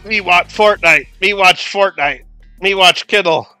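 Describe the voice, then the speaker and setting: Man playing a dopey caveman, broken clipped speech, slow, bright tone. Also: high voice, smooth, dry recording, faint music behind, heavily acted. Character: dim-witted grunting male caveman.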